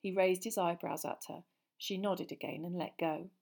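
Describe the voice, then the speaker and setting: A woman narrating a story in an audiobook reading, dramatic and expressive, with tense parts dropping to a hushed voice. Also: lowish voice, normal speed, creaky.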